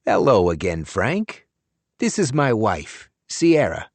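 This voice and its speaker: A shrunken old lawyer who brags smoothly, as a male audiobook narrator plays him. His voice sits low and moves in lively swings. The read is close and dry. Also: takes it slowly, no echo, exaggerated voice. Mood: proud. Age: older. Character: shrunken elderly lawyer, boastful.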